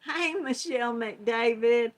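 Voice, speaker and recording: Her voice a little high and her pace slow, an older Southern woman from Georgia runs a crochet channel, chatting with livestream viewers in a folksy, casual way with frequent laughter.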